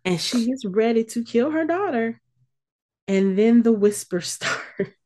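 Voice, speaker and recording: Animated woman retelling a story. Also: fairly high pitch, measured pace. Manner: animated storyteller, acts out quotes. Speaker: podcast co-host. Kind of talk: casual podcast recap.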